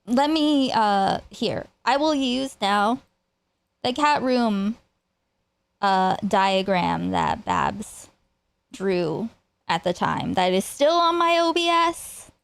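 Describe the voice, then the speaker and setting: A woman's voice: medium pitch, expressive, takes it slowly, creaky, clean tone, dry recording. A woman streamer casually retelling online drama, rambling and restarting her sentences. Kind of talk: casual reaction commentary.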